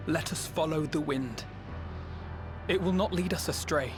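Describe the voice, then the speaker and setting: A man voicing a slow, somber game companion. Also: on the high side, over music, close to an everyday voice.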